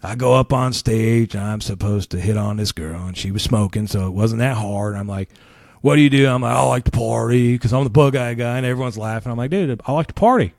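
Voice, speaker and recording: A man's voice: lowish voice, fairly even intonation, brisk, gravelly, hardly any pauses, darkish tone, dry recording, studio quality. A man hosting his own podcast, telling a story in a casual, swearing, rambling rant and laughing along with it. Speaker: podcast host.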